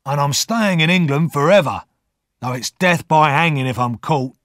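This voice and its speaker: A man voicing an old male escaped convict, speaking slowly and weightily. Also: a little high, a bit bright, dry recording, clean studio sound, voice pushed up, natural voice. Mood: solemn.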